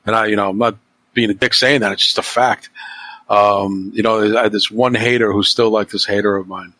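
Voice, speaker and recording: A man's voice: fairly low pitch, fairly even intonation, a little fast, sharp tone, no room sound. Podcast host, male, heated profane rant, dry close sound. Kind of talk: casual chat.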